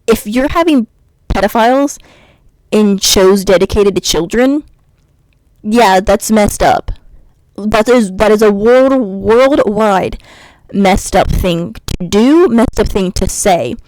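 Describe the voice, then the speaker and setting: A woman's voice: medium pitch, slow, a little mellow, no echo, low-quality recording. A woman vlogger giving a blunt, sarcastic rant and mocking her commenters. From United States. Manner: blunt and sarcastic, mocks commenters in sing-song voices. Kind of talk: ranting commentary.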